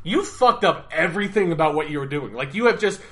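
A man's voice: fairly high pitch, expressive, a little fast. A young man co-hosting a podcast, rambling and swearing as he gets heated in casual chat. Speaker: podcast co-host.

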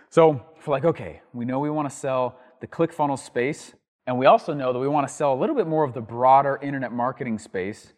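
A man hosting a marketing show, teaching in an emphatic way that swings from loud, rising bursts to low, quiet asides. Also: in a large hall. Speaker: marketing podcast host. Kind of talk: energetic teaching monologue.

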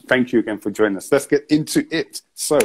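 A man hosting a casual interview, asking questions in a relaxed, encouraging way. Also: mid-range voice, fast talker, a little hiss or hum, rough recording.

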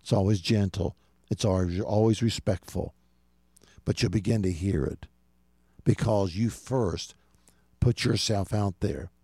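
A man with a low, warm voice preaching on a radio show. He speaks earnestly, climbs higher for emphasis and turns to his listeners with asides. The sound is close and dry. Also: a little slow, long pauses, husky, dry recording. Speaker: pastor.

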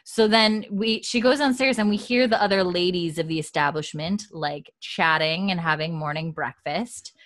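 A woman's voice: on the low side, normal speed, hardly any pauses, no echo, clean studio sound. Chatty woman recapping a show. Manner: rambling, animated, laughs often. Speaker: podcast co-host. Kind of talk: casual recap chat.

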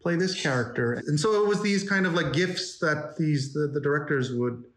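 A man's voice: a little high, animated, normal speed. A man in his forties from New York, chatting as an interview guest in a rambling way with many fillers and restarts. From New York, United States. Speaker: interview guest, animation story artist. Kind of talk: casual interview chat. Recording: roomy echo.

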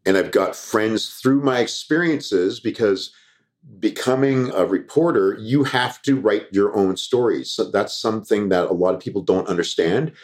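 A man with a fairly low voice tells stories from his years as a reporter in a relaxed interview. He is middle-aged and from Canada. He acts out the other people in his stories as he goes. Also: moderate pace. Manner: animated storyteller acting out quoted dialogue. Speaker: guest, former TV reporter and comedian. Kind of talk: casual storytelling interview.

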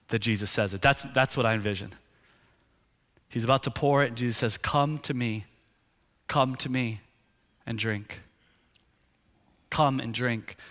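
A male pastor preaching a sermon, telling the scene vividly and dropping to a hushed, intense tone for key points. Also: medium pitch. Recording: long hall reverb.

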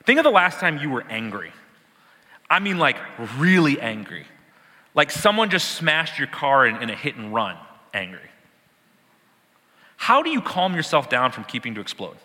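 A man's voice: on the high side, sing-song, moderate pace, long pauses, pushed and bright, long reverb tail. A man teaching a sermon, explaining words with emphatic repetition and the odd laugh. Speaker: preacher.

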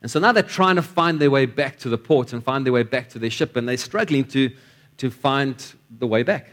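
A man's voice: mid-range voice, brisk, fairly bright tone. A man preaching a sermon in a church, telling stories and often repeating words as he restarts his sentences.

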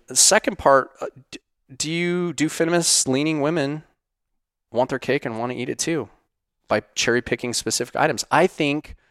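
A middle-aged man hosting a casual monologue, answering viewer questions in a blunt, profane, animated way. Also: mid-range voice, no room sound, clean studio sound. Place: home studio.

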